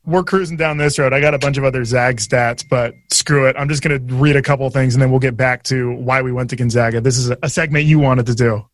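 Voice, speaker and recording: A man's voice: mid-range voice, steady tone, fast, few pauses, no echo, studio quality. A man hosting a podcast, asking teasing questions and running the conversation in a playful, casual way. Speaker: podcast host. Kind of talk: casual chat.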